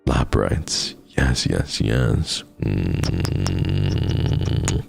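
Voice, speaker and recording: A man's voice: a bass voice, drawn-out words, gravelly, husky, faint music behind. A man streaming live in casual chat, talking to his viewers in an affectionate, encouraging pep-talk way. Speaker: livestreamer.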